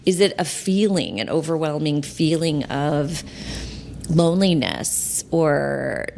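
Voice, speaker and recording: Gentle low-voiced woman coach. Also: lively intonation, slow pace, gravelly, a little hiss or hum. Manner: gentle, reassuring, acts out inner voices. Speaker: sobriety coach and podcast host. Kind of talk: conversational podcast coaching.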